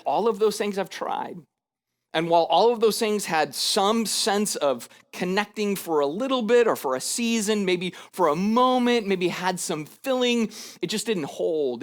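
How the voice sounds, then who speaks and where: A man preaching a sermon as a pastor, in a conversational way that acts out scripture in lively paraphrase, with frequent rhetorical asides. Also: high voice.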